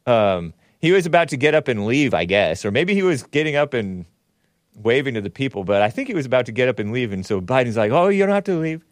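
A man hosting a talk show, giving casual political commentary in a mocking tone with laughing asides and sudden jumps in pitch. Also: very animated, brisk, no echo, studio quality.

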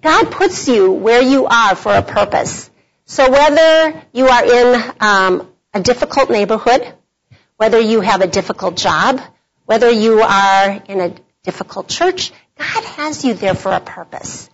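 At a women's conference workshop in a meeting room, a middle-aged woman tells a personal story in a chatty devotional style, laughing often. Her voice is a little high and her pace measured, captured in dull lo-fi conference audio.

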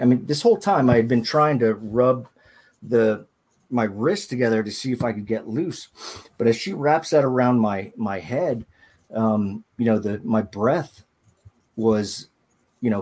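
A man with a husky, slightly breathy voice of ordinary pitch tells his story as a podcast guest. He talks haltingly and restarts his sentences often as he works through the details. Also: a little mellow. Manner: halting, hesitant recounting with frequent restarts. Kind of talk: personal storytelling in an interview.

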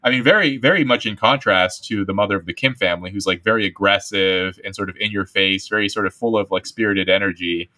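Deep, bright-voiced American man chatting. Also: fast talker, few pauses, low-quality recording. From United States. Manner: loose, rambling, lots of fillers and restarts. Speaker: podcast co-host. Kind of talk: casual conversation. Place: United Kingdom.

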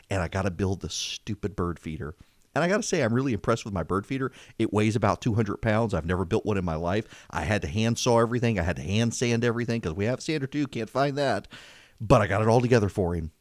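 A man's voice: lowish voice, expressive, fast talker, no echo. A middle-aged man hosting a talk show, telling a story in a casual, self-mocking way, his voice climbing when he gets exasperated.

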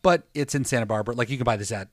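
A man co-hosting a podcast in casual chat, animated, swearing freely and laughing often. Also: mid-range voice, very fast, no echo. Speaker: podcast co-host.

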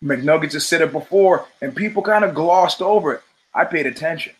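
A middle-aged man talks through a loose monologue on his own show, with a voice that sits a little high. He swears freely and slips into the voices of the people in his stories. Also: a little fast, poor audio. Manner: profane, storytelling, acts out quoted voices. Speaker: show host. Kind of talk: casual monologue.

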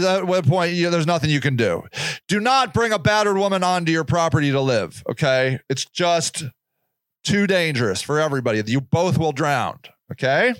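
Blunt, clear-voiced man giving advice. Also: a little high, fairly bright tone, no room sound. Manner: blunt, repetitive, acts out quoted people. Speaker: podcast host. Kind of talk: casual advice monologue.

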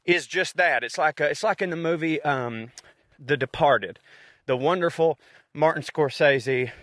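In a dry, clean studio recording, a male comedian and podcast host with a Southern US accent goes on a casual, rambling solo rant, profane and self-deprecating. His voice is a little high and fairly bright, and he takes his time.

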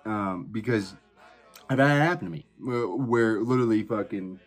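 A man's voice: lowish voice, moderate pace, over music. Rambling, profane storytelling man. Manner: rambling, profane, many fillers. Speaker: podcast host. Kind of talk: casual storytelling.

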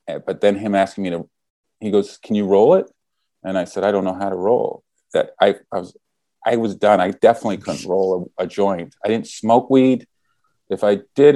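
A man's voice: low voice, warm tone, dry recording. A man casually telling a story, acting out the quoted lines as he goes.

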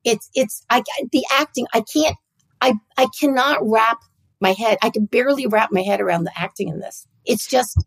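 A woman co-hosting a podcast, talking in a fairly high, husky voice. She chats in an animated way, jumping between topics and tossing off mock-exasperated asides. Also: normal speed, rough recording. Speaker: podcast co-host. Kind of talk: casual chat.

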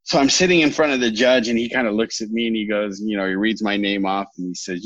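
A man in his thirties with a very low voice, recounting his past in a rambling, candid way, stopping to correct himself and adding wry asides. The recording is dry, with a slightly muffled, dull tone. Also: fairly even intonation, quick pace, a bit bright, no room sound. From California. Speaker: podcast guest. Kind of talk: candid storytelling interview.

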